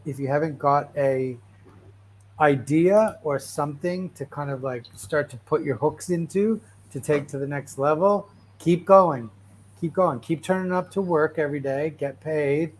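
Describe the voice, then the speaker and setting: In a fairly high-pitched voice, with slight background noise, a man leads a casual motivational talk. He's a restless, animated storyteller who rambles, keeps restarting, and peppers everything with "right?" and "like."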